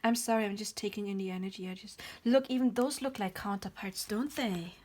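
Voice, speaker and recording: A woman with a mid-range voice leads a pick-a-card tarot reading in a loose, rambling way. She apologizes often as she talks through spiritual themes, and she sometimes sinks into a soft whisper. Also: mid-range voice, brisk, few pauses. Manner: drops to a whisper now and then.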